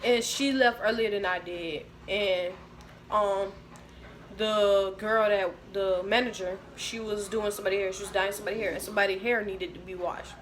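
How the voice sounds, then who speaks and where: A young adult woman telling a storytime vlog in an animated, slangy way, acting out what other people said. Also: mid-range voice, normal speed, soft background music. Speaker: vlogger.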